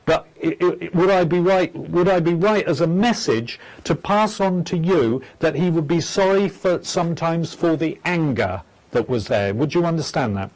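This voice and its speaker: Halting man, somewhat high voice. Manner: halting, stammering, gentle and soft-spoken. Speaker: psychic medium and host. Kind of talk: live phone-in mediumship show.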